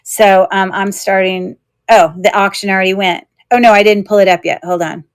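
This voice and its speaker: A young woman runs a live jewelry auction in a casual, rambling chat, full of fillers and quick self-corrections. Her voice sits at a middling pitch and sounds dry and close, with no room echo. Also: fairly even intonation, smooth.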